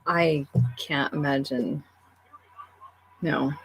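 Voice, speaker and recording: A woman's voice: extremely low pitch, fairly even intonation, extremely slow, gravelly, a bit bright, a little hiss or hum, poor audio. A woman co-hosting a casual livestream, talking bluntly and sarcastically. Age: adult with children. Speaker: livestream co-host reading viewer messages.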